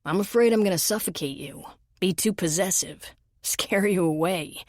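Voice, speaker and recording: A woman voicing a gentle male firefighter. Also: fairly low pitch, moderate pace, no echo, studio quality, close to an everyday voice. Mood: tender. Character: tender devoted male firefighter, adult man.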